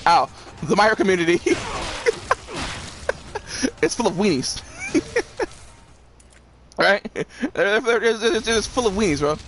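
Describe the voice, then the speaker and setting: A man's voice: high voice, very animated, measured pace, pauses often, fairly bright tone. A young man streaming a game, rambling profanely with lots of restarts and laughs. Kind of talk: casual commentary while gaming.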